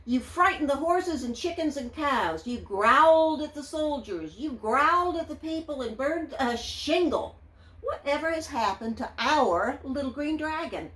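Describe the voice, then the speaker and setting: A woman voicing a young princess who scolds a misbehaving dragon in high, reproachful questions, reading a storybook aloud. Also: expressive, a little slow, a bit bright, reverberant.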